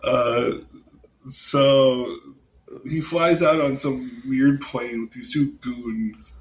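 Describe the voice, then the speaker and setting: A man co-hosting a casual podcast, animated and laughing often as he retells scenes. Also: medium pitch, extremely slow. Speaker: podcast co-host. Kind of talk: casual chat. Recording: echoey room, faint hiss.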